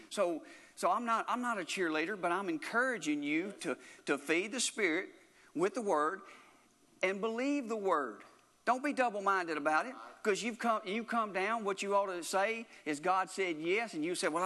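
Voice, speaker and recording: A man delivers a sermon with earnest, insistent repetition, circling back and restarting his phrases as he presses his point. His voice sits a little higher than most men's, and it rings out with a long reverb that fills the hall around him. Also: a bit bright. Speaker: preacher.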